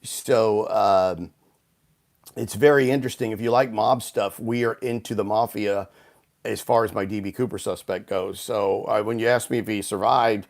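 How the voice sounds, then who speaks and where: His voice is lowish and gravelly, steady in tone, at a moderate pace. A guest author from Houston, United States, he rambles through a long story over a video call, frequently restarting and using fillers, in a casual storytelling interview.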